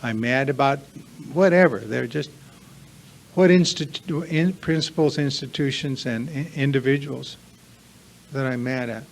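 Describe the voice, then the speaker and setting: A man's voice: mid-range voice, a little slow, gravelly. A man giving a confessional recovery workshop talk to a live group, earnest and emphatic, piling up repeated lists. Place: meeting room with a live audience.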